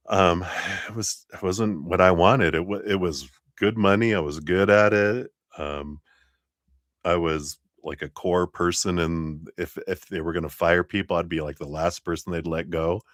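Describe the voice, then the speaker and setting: A man's voice: sits low, a bit bright, dry recording, studio quality. A middle-aged man giving a casual livestream tarot reading, rambling with many fillers and frequent laughs. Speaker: tarot reader.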